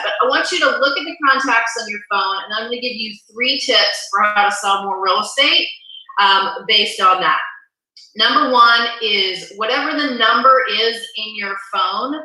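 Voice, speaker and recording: A woman's voice: medium pitch, pushed and bright. A woman speaking as a real estate coach at a live town hall, upbeat and instructive, walking listeners through steps. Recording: very echoey room.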